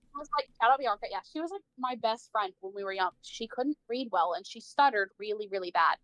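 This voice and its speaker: A woman's voice: mid-range voice, expressive, a little fast, fairly bright tone, no room sound. A woman livestreamer telling a personal story in casual chat, saying "like" a lot, swearing freely and acting out the people she quotes.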